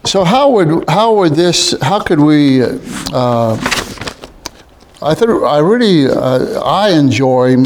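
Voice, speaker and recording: A man leading a group Bible study in a room with others present, halting, with many restarts and frequent throat clearing. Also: a little high, animated, a little hiss or hum.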